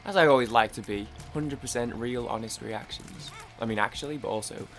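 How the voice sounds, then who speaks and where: In this let's-play clip, a man who makes gaming videos rambles as he plays, often restarting his thoughts and swearing at times. His mid-range voice moves fairly quickly and sounds a bit bright, with faint music behind him.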